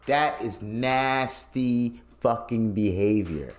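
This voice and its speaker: A man's voice: medium pitch, slow, roomy sound. A young man hosting a podcast, ranting casually and profanely with laughs. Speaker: podcast host. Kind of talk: casual solo podcast rant.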